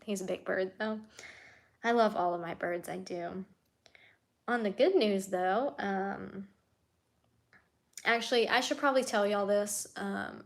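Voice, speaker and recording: A woman talks casually on a live stream, chatting with viewers and answering their comments. Her delivery is heartfelt and soft-spoken, and her voice often sinks to a near whisper. She sits in the middle range for pitch. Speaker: animal keeper and vlogger.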